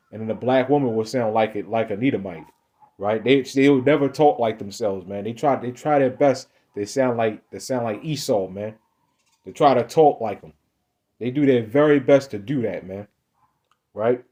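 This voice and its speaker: Man, casual Bible teaching, emphatic, repetitive, slangy, mid-pitched voice. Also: mellow. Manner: loose, conversational slang and restarts. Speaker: preacher.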